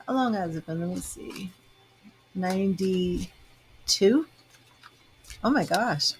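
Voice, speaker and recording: A chatty middle-aged woman from Boston, Massachusetts, speaks slowly in a lowish voice, with slight background noise. A tarot reader and psychic host, she rambles and laughs often while chatting casually with viewers on a livestream.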